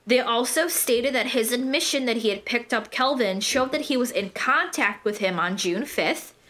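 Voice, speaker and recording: Woman host, high bright voice, reads her notes casually, swears freely. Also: a little hiss or hum. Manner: casual and profane, breaks off to laugh. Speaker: podcast host narrating a case. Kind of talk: read narration mixed with casual chat.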